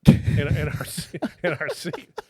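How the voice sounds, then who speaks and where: A middle-aged man, formerly a federal agent, tells lively, casual stories in a slightly high, slightly rough voice at a somewhat slow pace, with no room sound. He swears freely and acts out what others said in their own voices.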